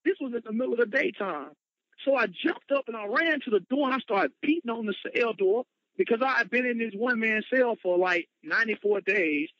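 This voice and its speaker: A man's voice: very high-pitched, expressive, a little fast, sharp tone, no room sound. A man, a motivational speaker, telling his personal story with emphatic, dramatic retelling. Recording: dull lo-fi, dry sound.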